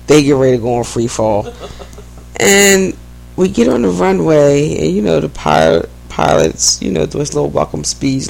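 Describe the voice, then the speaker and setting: A man from the Philadelphia–New Jersey area co-hosting a podcast, telling animated stories in casual chat and laughing often. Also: mid-range voice, creaky, slight background noise, poor audio. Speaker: podcast co-host.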